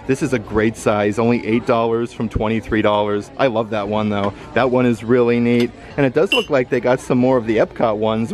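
An upbeat man walks through a store filming a casual shopping vlog. His voice sits at an ordinary middle pitch and stays enthusiastic as he points things out. It is picked up by a handheld camera. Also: a little mellow. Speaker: vlogger. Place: indoor retail store.

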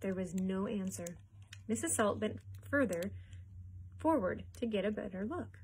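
A woman, a children's librarian, reading a chapter book aloud with expressive, animated storytelling. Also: mid-range voice, unhurried, slightly rough, poor audio.

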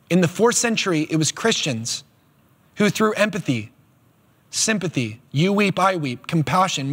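A man preaching a sermon as pastor, animated and emphatic, with quick asides. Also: sits high, breathy edge. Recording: long hall reverb.

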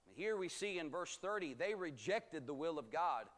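A man teaching a bible study as pastor, reading scripture aloud and explaining it in a measured, emphatic way. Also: a little high, very animated, fairly bright tone. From United States.

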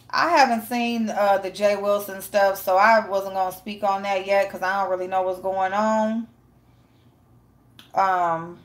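A woman with a medium-pitched voice hosts a casual live stream, reading the chat and greeting viewers by name. She's blunt and profane and laughs often.

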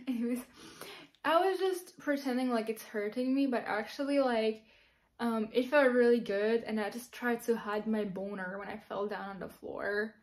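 A woman's voice: a little high, measured pace. A young woman telling a personal story to camera in a chatty, giggly way, full of fillers. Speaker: vlogger.

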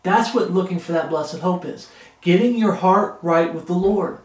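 A man's voice: high voice, normal speed, reverberant. A man preaching a sermon with an earnest, pleading delivery.

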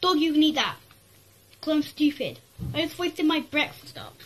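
A woman giving casual gameplay commentary, rambling and excitable, talking to herself as she plays. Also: high-pitched, moderate pace, low-quality recording. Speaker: gaming YouTuber.

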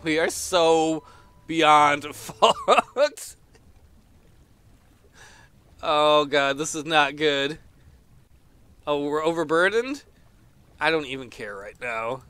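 A man's voice: fairly high pitch, lively intonation, very slow, long pauses, sharp tone, clear, resonant tone, no echo. A man casually commenting on a game as he plays, exclaiming often, laughing and reading the game's text aloud. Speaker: let's player.

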